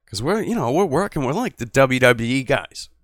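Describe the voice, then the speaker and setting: A man hosting a call-in show, rambling and swearing, swinging from mutters to loud outbursts. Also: medium pitch, big pitch swings, moderate pace, no echo, clean studio sound. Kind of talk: profane casual call-in show.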